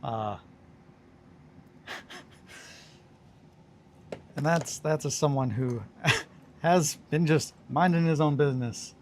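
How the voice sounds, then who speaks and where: A man's voice: a little high, takes it slowly, pauses often, a little mellow, slight background noise. A tired man in a casual, rambling chat while painting miniatures on a stream. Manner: rambling, laid-back, talks to himself and his pets.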